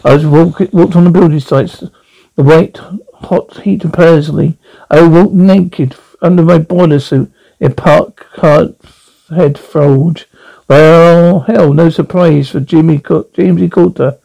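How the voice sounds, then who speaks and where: A man's voice: a little high, a little slow, creaky, dark tone, rough recording. A middle-aged man with a Glasgow Scottish accent, blustering and rambling coarsely through a scripted comic monologue. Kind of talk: scripted comedy performance.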